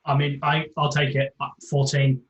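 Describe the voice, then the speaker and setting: A man's voice: on the high side, completely flat delivery, moderate pace. A man playing in a tabletop game, laid-back and plain-spoken. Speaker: player. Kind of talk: tabletop role-play.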